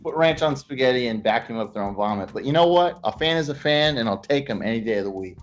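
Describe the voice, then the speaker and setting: A man hosting a sports podcast talks in a loose, joking way, trading stories with his co-host. His pitch sits in the middle for a man. Faint music plays underneath. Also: fast. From Los Angeles, California. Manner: joking storyteller, lively swings in loudness. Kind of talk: casual sports podcast chat.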